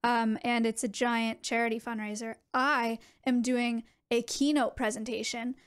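A young adult woman streaming, chatting casually with her viewers in an animated way, with quick asides. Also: fairly high pitch, clean tone.

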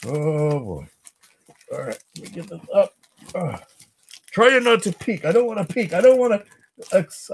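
A man playing Venom, a boastful alien symbiote, in a goofy, excitable in-character comic unboxing. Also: high voice, husky, no room sound, heavily acted. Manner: goofy, excitable, answers himself with "yes".

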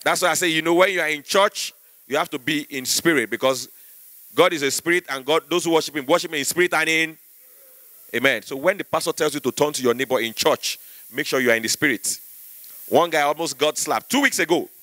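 Young Nigerian man, stand-up in church, high bright voice, dry close sound, animated, acts out voices. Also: brisk, dry recording. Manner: animated storytelling, acting out voices, rising to shouts. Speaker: comedian.

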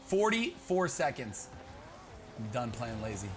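A young man chatting through live gameplay, talking to his teammate and breaking into excited shouts. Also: medium pitch, unhurried, soft background music. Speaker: gaming YouTuber. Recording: background noise.

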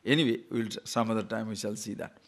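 A man's voice: on the low side, quick pace. A man giving a spiritual discourse on scripture, asking rhetorical questions and wandering into stories. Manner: animated, rhetorical questions, digressive storytelling. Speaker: spiritual teacher.

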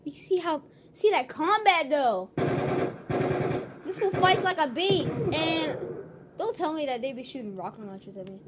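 Very high-voiced woman yelling at a game. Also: lively intonation, normal speed, long pauses, very noisy. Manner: loud yelling reactions and trash talk. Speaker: gameplay commentator. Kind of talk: excited gameplay commentary.

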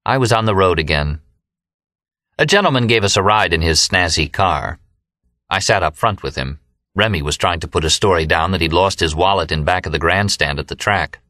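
A man narrating an audiobook in a steady, measured storytelling manner. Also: sits low, no room sound. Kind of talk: scripted narration.

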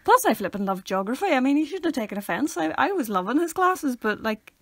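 A woman's voice: high voice, sing-song, fast, a bit bright, no room sound. A woman with a Northern Irish accent co-hosting a podcast, chatting casually and giggling through playful banter. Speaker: podcast co-host. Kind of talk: casual chat.

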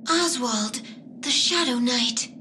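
A woman's voice: on the high side, slow, sharp tone, a little hiss or hum. A woman voicing a proud young valkyrie warrior princess in a game, speaking in a formal, archaic and stern manner. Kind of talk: game voice acting.

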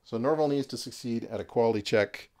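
A man narrating and refereeing a horror miniatures game, chatty and quick to laugh at his own jokes. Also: mid-range voice, darkish tone, a little hiss or hum. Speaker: game master.

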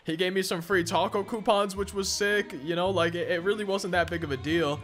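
A young man tells a long, meandering story while he plays a game, and his voice sits a little on the high side. He keeps restarting his sentences and padding them with fillers. Faint music plays underneath. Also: steady tone, brisk, a bit bright. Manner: rambling, frequent restarts and "like". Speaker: gaming storyteller. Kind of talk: casual story time over gameplay.

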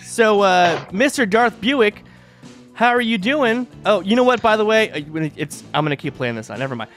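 A man's voice: sits high, animated, moderate pace, a bit bright. A man hosting a live radio show, joking around in a goofy, playful announcer style. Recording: faint music behind.

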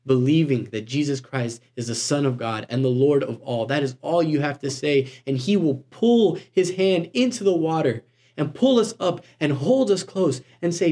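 A man's voice: on the high side, moderate pace. Conversational man preaching a sermon. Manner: conversational and animated, with casual asides. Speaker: guest preacher.

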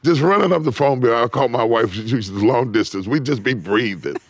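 A middle-aged man preaching on a TV talk show, rising to loud emphatic peaks and dropping to near whispers, repeating his phrases. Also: mid-range voice, animated, a little fast, dry recording. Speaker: bishop and guest preacher. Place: TV studio set.

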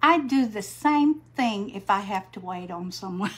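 An older woman, chatting slowly on a craft livestream, greeting viewers by name while she paints. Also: mid-range voice, expressive, a little hiss or hum. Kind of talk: casual live-stream chat while painting.

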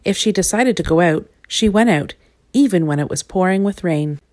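Woman reading a kids' storybook aloud, lowish voice, playful asides. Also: normal speed. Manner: expressive, playful asides to listeners. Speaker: storybook reader. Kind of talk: reading a children's picture book aloud.

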